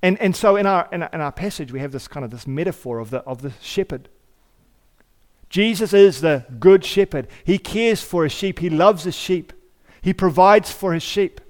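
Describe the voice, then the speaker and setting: A male pastor delivers a sermon in a conversational way, with rhetorical questions and repeated phrases. His voice sits on the higher side. The sound trails off in a long church reverb. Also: moderate pace.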